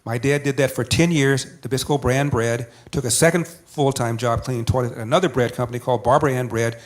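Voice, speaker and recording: An older man tells a personal story at an even, mid pitch. He builds his points through emphatic repetition, in the manner of a talk show guest. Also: fast talker.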